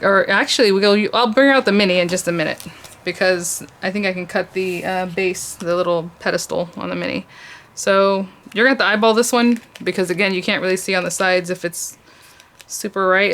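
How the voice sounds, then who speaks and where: A woman's voice: medium pitch, steady tone, brisk, fairly bright tone. A woman hosting a casual crafting tutorial, thinking aloud with frequent restarts and little laughs as she works at her desk. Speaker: crafting channel host.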